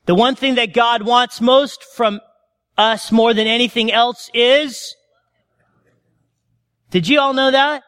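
A man's voice: very high voice, fairly even intonation, slow, pauses often, a bit bright, smooth, long reverb tail. A male pastor preaching a conversational sermon, often calling out to his congregation.

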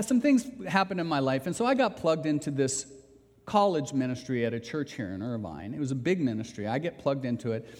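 A man's voice: medium pitch, darkish tone. A man preaching a sermon as a pastor, telling a personal story in an earnest, emphatic way. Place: church sanctuary. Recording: reverberant church hall.

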